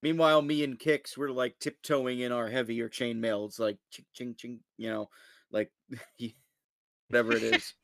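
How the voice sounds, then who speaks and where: A man playing in a tabletop game, chatting casually in an excitable, jokey way. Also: medium pitch, unhurried, creaky, dry recording, clean studio sound. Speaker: player.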